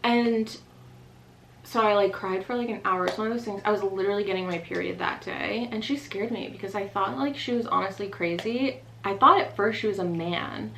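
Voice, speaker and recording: A woman vlogger telling a personal story in a casual, rapid style, full of "like" fillers. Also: medium pitch, vocal fry, a bit bright, poor audio.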